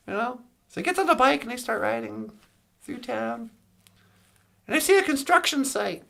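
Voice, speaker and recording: A woman's voice: a little high, expressive, normal speed, creaky, pauses often, bright, forceful tone. A woman telling a long joke story on a live stream in a rambling way, correcting herself as she goes.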